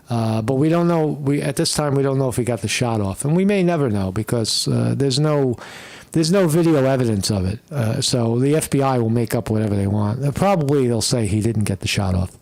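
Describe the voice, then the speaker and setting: A man talks through a live stream in a loose, rambling way, swearing now and then and tacking "right?" onto his points. His voice sits at an ordinary middle pitch. He reads out viewer questions and answers them off the cuff. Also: a little mellow. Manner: rambling, profane, keeps asking "right?". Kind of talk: casual live commentary.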